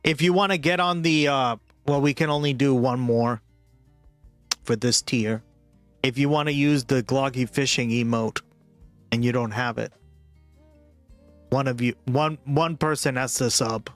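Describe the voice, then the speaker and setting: A man's voice: mid-range voice, a little slow, long pauses, no echo, soft background music. Rambling man streamer chatting casually. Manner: rambling, full of "like" and "right?". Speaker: livestreamer. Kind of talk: casual chat with viewers.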